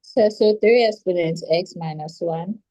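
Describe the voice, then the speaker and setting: A young woman student answers her teacher in short replies. Her voice is low and mellow. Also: unhurried, no echo, low-quality recording. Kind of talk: answering in class.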